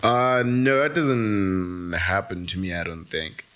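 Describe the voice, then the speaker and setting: A man co-hosting a casual podcast, rambling and correcting himself, quick to laugh. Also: sits low, expressive, fairly bright tone, clean tone. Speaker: co-host.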